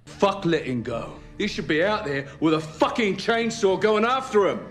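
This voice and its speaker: A man's voice: high voice, very animated, moderate pace, soft background music. An actor playing a domineering, aggressive man who swears constantly and spits out every word with emphasis. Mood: taunting. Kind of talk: TV drama acting.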